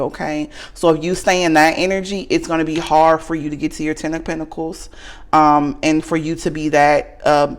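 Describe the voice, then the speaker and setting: Woman with a Southern twang reading tarot. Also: low voice. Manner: tags nearly every sentence with a questioning okay; frank, earnest, addresses the viewer directly. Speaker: tarot reader. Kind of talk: casual tarot reading to camera.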